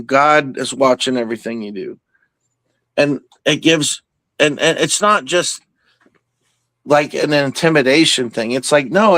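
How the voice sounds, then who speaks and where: A man talking casually in an open Q and A, excitable and rambling, with many restarts and fillers. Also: on the high side, no room sound. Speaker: participant in an open Q and A.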